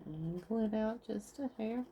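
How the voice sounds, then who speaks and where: A woman's voice: a little high, a little slow, background noise. A woman craft vlogger chatting casually with viewers as she talks through each step of her project. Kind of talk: casual craft tutorial chat.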